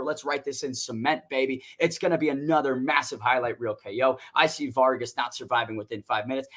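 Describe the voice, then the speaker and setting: Man, guest fight analyst, confident, analytical, swears casually, mid-pitched voice. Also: fairly bright tone.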